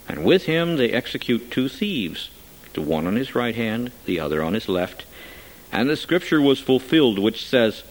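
A man reads scripture aloud in a measured, solemn manner. His voice sits at an ordinary middle pitch for a man. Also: very animated, low-quality recording. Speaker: scripture reader. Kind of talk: scripture reading.

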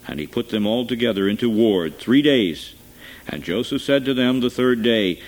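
A man's voice: mid-range voice, animated, rough recording. Man reading scripture solemnly. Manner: solemn, measured delivery. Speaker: scripture reader.

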